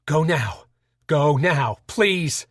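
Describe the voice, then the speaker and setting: A man voicing a wounded male sergeant who shouts frantic, desperate orders. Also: on the high side, expressive, very slow, no echo, clean studio sound, exaggerated voice.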